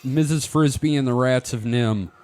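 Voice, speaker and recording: A man's voice: medium pitch, moderate pace, a little mellow. A man co-hosting a casual comedic podcast, swearing freely and joking around. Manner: profane, joking, slips into impressions. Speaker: podcast co-host.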